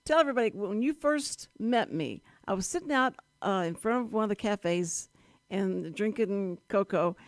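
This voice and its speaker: A bubbly woman hosts a live talk show from a community radio studio. She gushes and chats in quick asides, at a middling pitch, and the booth sounds dry and close. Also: dry recording.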